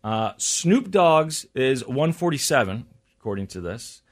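A male radio host in relaxed studio banter, thinking out loud as he reads through a list. His voice sits at an ordinary middle pitch, and his talk is easygoing and chatty. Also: a little slow. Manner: chatty, musing aloud, reads items from a list. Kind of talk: casual on-air chat.

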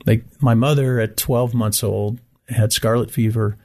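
Telling stories as a guest in a relaxed interview, this middle-aged man from Michigan brings quoted people to life with animated impressions. He speaks in a mid-range voice without rushing.

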